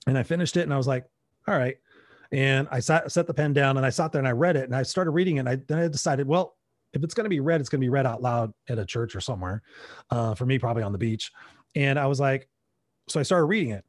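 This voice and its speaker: Speaking at a medium pitch, this middle-aged American interview guest recounts something from his own life, playing out the lines he once said with real animation. The recording is dry and of studio quality.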